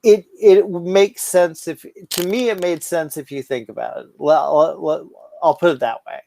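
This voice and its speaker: A man with a slightly high voice rambles through a casual podcast chat, swearing freely and tripping over restarts. He sounds stoned and scattered. The sound is dry and close. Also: steady tone, measured pace, vocal fry, dark tone, no echo. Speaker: podcast co-host.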